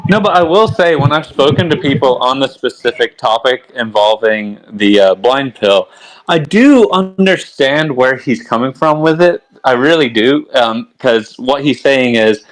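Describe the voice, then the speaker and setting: A man's voice: medium pitch, lively intonation, measured pace. A man co-hosting a livestream, talking in casual chat with lots of "like" and "you know". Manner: conversational, frequent "you know" and "like". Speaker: livestream co-host.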